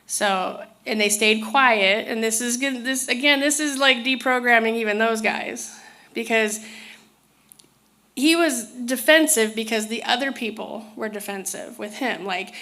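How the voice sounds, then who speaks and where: A woman's voice: a little high, normal speed, sharp tone. A woman telling a personal story in a casual, rambling way, often restarting her sentences. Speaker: spiritual speaker.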